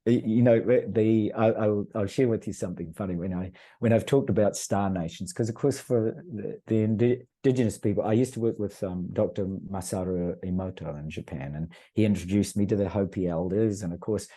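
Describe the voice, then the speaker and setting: A man's voice: on the low side, fairly quick, hardly any pauses, dark tone. A middle-aged man, a podcast guest, talking in an earnest, rambling way with many restarts. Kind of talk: casual conversational storytelling.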